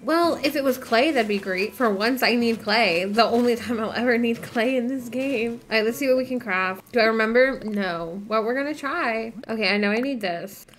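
A woman's voice: a little high, moderate pace, hardly any pauses, fairly bright tone. A woman giving casual gameplay commentary, chattering in a scatterbrained, self-deprecating way. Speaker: gaming YouTuber.

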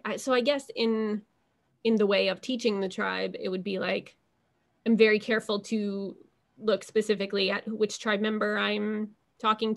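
A woman's voice: mid-range voice, gravelly. A young adult woman talking casually as an interview guest, rambling with many fillers and restarting her thoughts.

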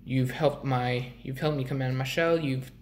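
A young man talking casually to his vlog viewers, rambling with restarts and frequent throat clearing. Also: mid-range voice, steady tone, moderate pace, slight background noise. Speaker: vlogger.

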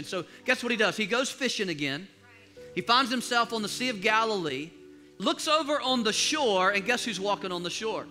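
A pastor preaching a sermon, rousing the congregation to call back and dropping to quiet, confiding asides between loud rallying lines. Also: male voice, high voice, animated, normal speed, faint music behind. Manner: exhorting, call-and-response with the congregation. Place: church service.

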